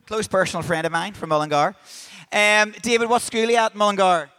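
A man's voice: sits high, fast, pushed and bright, clear, resonant tone. A man hosting on stage, leading a prayer and hyping up the crowd. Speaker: host and worship leader. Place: stage in a large festival tent.

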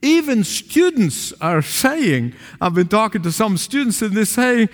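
A man preaching a sermon to a small congregation in a church, emphatic, swinging between raised calls and low, quiet asides. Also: big pitch swings, unhurried, few pauses. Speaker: pastor. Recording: long reverb of a large hall.

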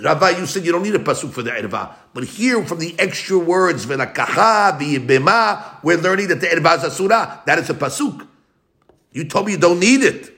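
A man teaching a Talmud lesson, arguing both sides in a quick back-and-forth and slowing down to chant the Hebrew and Aramaic quotes. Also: a little high, expressive, fairly bright tone.

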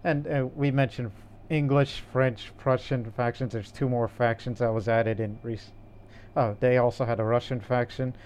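A man's voice: medium pitch, fairly even intonation, normal speed, a little mellow, a little hiss or hum. A man co-hosting a casual gaming podcast, rambling in an easygoing way with frequent restarts. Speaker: podcast co-host.

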